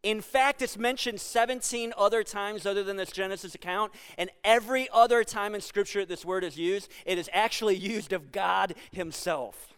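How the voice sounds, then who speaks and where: A man's voice: high-pitched, normal speed, hardly any pauses, a bit bright, clear, resonant tone. A man preaching a sermon as pastor, conversational and joking with the congregation, then pressing his points with emphasis.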